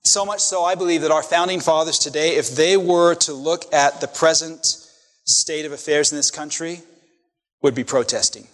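A man preaches a sermon in a church sanctuary, his voice a touch high for a man. He drives points home with rhetorical questions and repeated phrases. The hall carries a long reverb behind every word. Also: moderate pace, a bit bright. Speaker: pastor.

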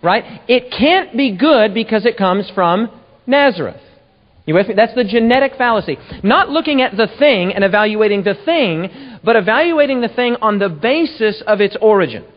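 A man's voice: sits high, lively intonation, moderate pace. A man co-hosting a church discussion show, explaining ideas earnestly and often checking that listeners follow. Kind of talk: explanatory teaching talk. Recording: roomy long reverb, dull lo-fi sound.

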